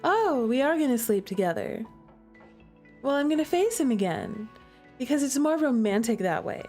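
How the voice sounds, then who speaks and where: A woman's voice: high-pitched, big pitch swings, moderate pace, a little mellow. A young woman streaming a visual novel, reading it aloud and reacting in playful, gushing, slangy commentary. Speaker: gaming streamer. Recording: faint music underneath.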